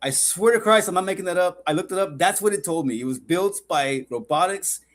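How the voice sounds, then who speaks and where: Podcast co-host, man, high-pitched, stammering and profane, ranting in casual chat. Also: brisk. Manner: rambling, stammering restarts, swears a lot, gets worked up.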